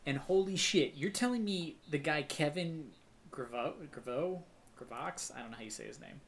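A podcast co-host in casual chat, rambling and jokey, swinging between loud outbursts and mumbled asides. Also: medium pitch, expressive, moderate pace, slight background noise.

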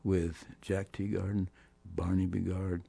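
An older man, a guest musician, telling animated anecdotes in an interview and voicing the people he quotes. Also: low-pitched, unhurried, creaky, breathy edge, no echo. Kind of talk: storytelling interview.

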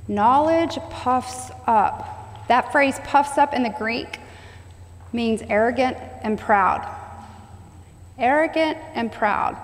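Woman preaching in a reverberant hall. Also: fairly high pitch. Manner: call-and-response preaching, stressing repeated phrases. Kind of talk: sermon.

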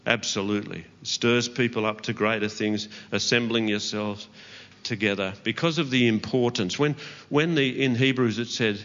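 Male pastor, bright earnest sermon voice, long church-hall reverb, slightly dull recording. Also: fairly low pitch, steady tone, normal speed. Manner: earnest, with light laughs and asides to the congregation. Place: church auditorium.

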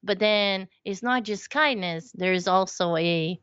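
A woman telling stories in a casual podcast chat, animated and quick to act out what other people say. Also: medium pitch, smooth, dry recording, highs cut off. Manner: animated storyteller, acts out quoted voices. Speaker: podcast guest. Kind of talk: casual conversation.

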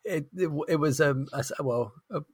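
A man's voice: fairly high pitch, normal speed, a little mellow, husky, dry recording. A man in casual chat, joking and hesitant with lots of fillers.

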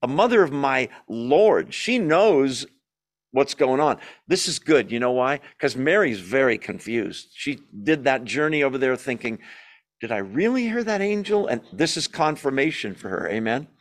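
A man leading a Bible study, reading scripture aloud and commenting in a lively, emphatic way, often asking the group questions and answering them himself. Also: mid-range voice, moderate pace. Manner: emphatic, opinionated asides.

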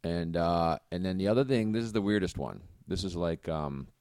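A man's voice: low voice, normal speed, a little mellow, clean tone, dry recording, clean studio sound. A man from Vermont with a light Vermont accent, hosting a casual chat and rambling through jokey, self-correcting stories. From Vermont, USA.

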